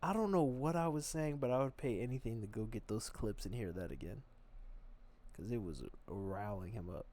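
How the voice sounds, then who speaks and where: A man giving loose, profane reaction commentary on videos, rambling and swinging between loud bursts and mutters. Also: lowish voice, normal speed, a little hiss or hum.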